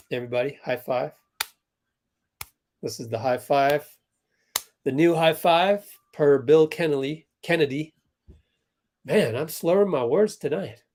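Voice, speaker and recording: A man's voice: a little high, a little mellow. A man hosting a livestream, giving casual commentary on a basketball game and talking to chat viewers as plays happen. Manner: chatty, reacts to plays, talks to chat viewers. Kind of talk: casual live commentary for a watch-along stream.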